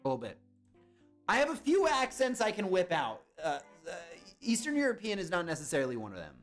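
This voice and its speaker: A young man talks to his live-stream chat in a casual, chatty way, tossing out guesses and answering viewers as he goes. His voice sits high and swings widely in pitch. Faint music plays underneath. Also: huge pitch swings, a little fast.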